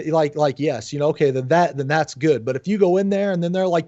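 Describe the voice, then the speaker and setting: Fairly quick and barely pausing, this higher-voiced man guests on a gaming podcast, ranting in an animated, profane, blunt way and laughing along. The sound is dry, dull, and lo-fi.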